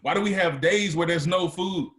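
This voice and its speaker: A man's voice: high voice, normal speed, fairly bright tone, echoey room. A man giving a motivational speech to a live audience, telling his story and building to emphatic, rising peaks. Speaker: motivational speaker.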